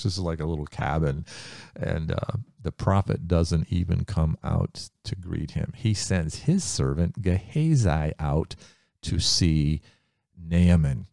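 A man preaching a sermon, retelling a story in an animated, dramatic way. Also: sits low, vocal fry, dry recording, studio quality.

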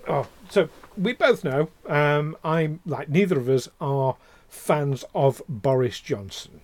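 Male podcast co-host, slightly high voice, rambling and heated delivery, dry recording. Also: animated, slow, a little mellow, no echo. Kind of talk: casual chat.

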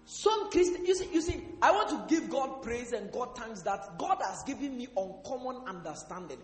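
A male pastor preaching a sermon, asking the congregation questions and breaking into sudden shouts. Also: extremely high pitch, big pitch swings, moderate pace. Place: church hall. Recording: echoey hall with faint music.

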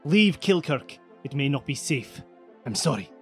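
Player doing a stern grieving villager. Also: male voice, fairly high pitch, sing-song, unhurried, soft background music. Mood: grim. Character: stern grieving male villager Sean McBride. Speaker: tabletop game player. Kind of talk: improvised character play.

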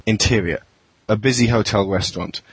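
A man narrating scene directions in a plain, steady way. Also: fairly low pitch, a little fast, breathy edge, no echo, poor audio.

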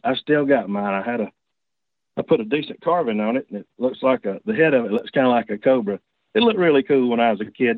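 A man's voice: medium pitch, no room sound. A man telling a personal story in a casual, rambling way, stopping and restarting often. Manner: rambling, halting, many restarts. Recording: dry tinny phone line.

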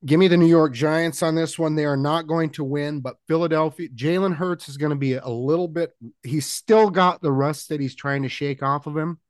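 A man's voice: fairly high pitch, fairly even intonation, moderate pace, smooth, no room sound, studio quality. A man co-hosting a casual sports betting chat, chatty and rambling, laughing often. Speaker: podcast co-host making picks.

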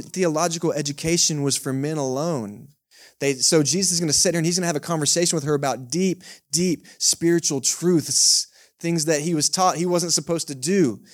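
A male pastor, preaching a sermon in a conversational, joking way and often checking in with the congregation. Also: a little high. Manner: conversational, joking, keeps asking the congregation "right?". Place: church service held in a cinema.

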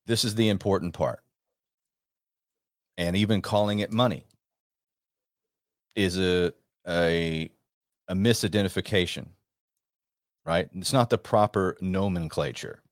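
A man's voice: sits low, a little slow, long pauses, dry recording, studio quality. A man hosting a radio show, giving emphatic, rambling commentary with frequent restarts. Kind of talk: monologue commentary.

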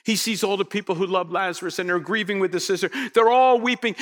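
Pastor, male, lively and high-voiced, animated storytelling sermon, hall echo. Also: fast, few pauses. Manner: animated storytelling with rhetorical questions to the congregation. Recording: reverberant hall sound.

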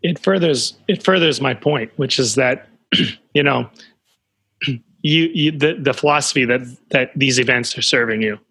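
A man talking in a relaxed podcast conversation, animated and full of fillers, acting out the voices of the people he quotes. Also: mid-range voice, a little slow, creaky, husky, no room sound. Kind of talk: casual conversation.

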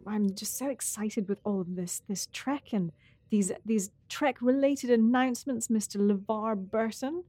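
Playful woman with a mellow voice. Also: fairly high pitch, measured pace, no echo. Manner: playful, teasing. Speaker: podcast co-host. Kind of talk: casual podcast chat.

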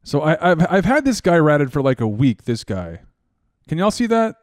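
A man hosting a podcast, telling stories in a rambling, excitable and profane way. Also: fairly high pitch, moderate pace, no echo, clean studio sound. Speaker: podcast host. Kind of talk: casual chat.

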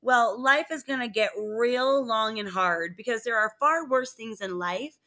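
Her voice sits a little high and her delivery is measured. As a podcast co-host, she keeps the chat casual, telling funny stories in a lively way and laughing often.

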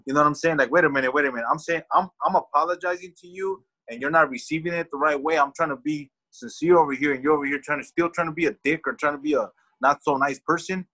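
A man's voice: on the high side, very animated, quick pace, vocal fry, few pauses, sharp tone, rough recording. A man co-hosting a casual talk show, blunt and heavily profane, laughing often. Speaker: co-host. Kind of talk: casual podcast chat.

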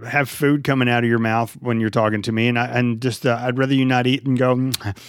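A man's voice: mid-range voice, little pitch movement, fast, clear, resonant tone, no room sound, clean studio sound. A man co-hosting a casual podcast chat, ranting with heavy swearing and mock indignation. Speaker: podcast co-host.

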